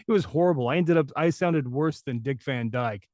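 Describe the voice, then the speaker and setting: A voice actor from New Mexico tells long anecdotes as an interview guest, with many fillers and restarts. His voice is medium-pitched and darkish at a normal speed, recorded with no room sound.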